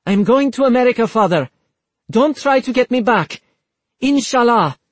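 Defiant young woman, lifted high and husky, bold and teasing, a man putting her on. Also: expressive, moderate pace, no room sound.

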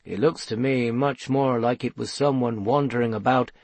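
A man voicing an excitable, curious investigator who talks eagerly. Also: mid-range voice, dry recording, lightly acted. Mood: excited. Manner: eager, brisk.

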